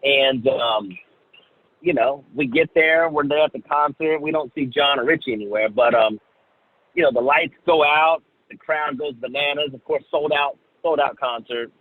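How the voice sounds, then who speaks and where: A man from Oklahoma, a singer guest, telling a story in a halting casual way with many fillers and restarts, on a tinny phone-like line. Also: fairly high pitch. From Oklahoma, USA.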